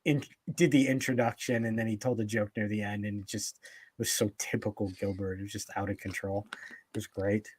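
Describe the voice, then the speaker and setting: A man co-hosting a podcast, chatting casually with many fillers and getting animated when he tells comedy stories. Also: on the low side, fairly quick, a little hiss or hum. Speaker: podcast co-host. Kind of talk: casual chat.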